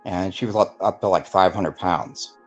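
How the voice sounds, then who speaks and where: A man with a fairly low voice tells a long personal story in a loose, rambling way, full of fillers and restarts. He slips into the voices of the people he quotes. The sound is dull and lo-fi, with faint music underneath. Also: moderate pace. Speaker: guest telling his testimony. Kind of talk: casual storytelling interview.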